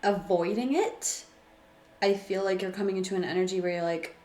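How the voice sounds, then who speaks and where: A woman's voice: medium pitch, normal speed, warm tone, roomy sound, slight background noise. A woman giving a casual, chatty tarot reading at home, full of fillers and emotion. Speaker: tarot reader. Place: room at home by a window.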